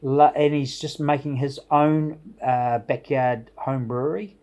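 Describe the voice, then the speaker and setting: A man's voice: medium pitch, fairly even intonation, unhurried, a little mellow. A middle-aged man hosting a home brewing vlog, chatting casually and enthusiastically, rambling a little and chuckling as he goes. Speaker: home brewing channel host. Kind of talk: casual vlog shout-outs.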